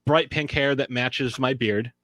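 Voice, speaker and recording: Animated bright-voiced man telling a story. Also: a little slow, no echo. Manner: animated storyteller, acts out quotes in high voices. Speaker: podcast guest. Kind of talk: casual storytelling.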